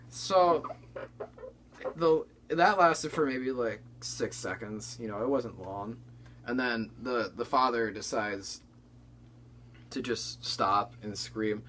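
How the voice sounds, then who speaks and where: A man's voice: medium pitch, slow pace, pauses often, fairly bright tone, slight background noise. A young man hosting a comedy chat, telling a story in a rambling, casual way with lots of restarts. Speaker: comedy channel co-host.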